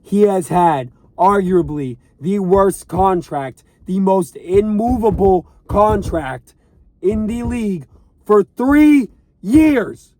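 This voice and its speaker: Slow, exasperated young man ranting. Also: high voice, animated, mellow. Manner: exasperated, repeats points with heavy emphasis. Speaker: vlogger and sports fan. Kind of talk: ranting to camera. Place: inside a parked car.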